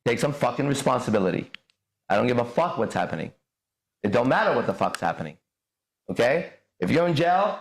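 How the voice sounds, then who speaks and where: A man's voice: medium pitch, gravelly. A man hosting a podcast, ranting in an emphatic, profane and aggressive monologue, recorded in an echoey room. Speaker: podcast host.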